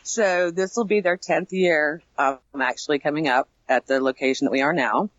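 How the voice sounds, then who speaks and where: A woman who manages and trains the cast of a haunted attraction, talking in a casual interview, animated, laughing often and restarting her sentences. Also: sits low, moderate pace, dry recording, lo-fi sound.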